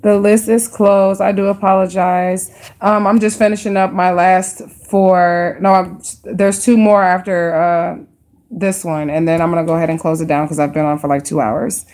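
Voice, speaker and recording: A woman hosts a live stream where she reads tarot cards for her viewers. She's chatty and excitable, using casual slang and stretching out words for emphasis, and her pitch sits fairly low.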